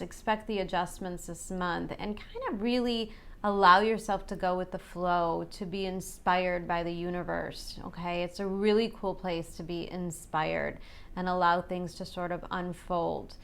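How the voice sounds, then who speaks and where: A woman's voice: fairly low pitch, fairly even intonation, a little slow, gravelly, fairly bright tone, smooth. A woman reading tarot and astrology in a chatty, reassuring way, often checking in with her listeners. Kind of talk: casual astrology forecast.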